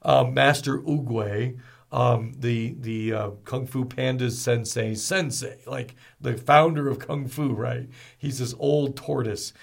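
A man hosting a ministry podcast, talking in an energetic, storytelling way with folksy asides. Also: medium pitch, slow, creaky. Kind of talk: motivational podcast talk.

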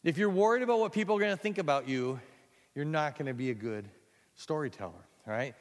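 A man leading a storytelling workshop for an audience, talking in an animated, self-deprecating way and often repeating words as he starts a sentence. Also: fairly high pitch, quick pace. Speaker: speaker teaching storytelling to children's ministry workers. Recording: long hall reverb.

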